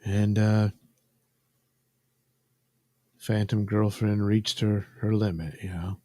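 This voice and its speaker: A man's voice: fairly low pitch, little pitch movement, slow, darkish tone, dry recording. A man hosting a casual commentary while coloring drawings, rambling and sardonic, trailing off into fillers. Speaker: host.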